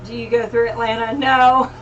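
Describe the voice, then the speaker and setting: A woman's voice: on the high side, highs cut off. A woman co-hosting a casual livestream, easygoing, chatting and reading out viewer comments. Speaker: livestream co-host. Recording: distant mic with faint hum.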